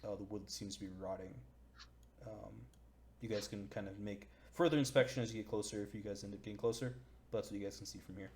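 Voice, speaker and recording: A man's voice: fairly low pitch, fairly even intonation, quick pace, a little mellow. A young man narrating a tabletop game as dungeon master, casual and full of fillers, often breaking into laughter.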